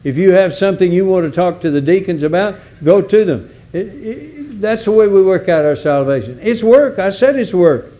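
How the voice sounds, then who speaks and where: A man delivering a sermon with a folksy, emphatic delivery. His voice sits a little high for a man, with a mellow, dark-edged tone. He leans on repeated words to drive each point home. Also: lively intonation, moderate pace, hardly any pauses. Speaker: visiting preacher.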